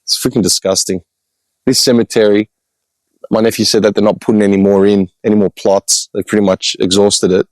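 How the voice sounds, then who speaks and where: Man, Australian accent, low-pitched voice, dry close mic, animated exasperated storytelling, casual outdoor vlog. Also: fairly quick, dry recording, poor audio. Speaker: podcast host. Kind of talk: casual walk-and-talk vlog monologue. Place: outdoor hillside cemetery with birds.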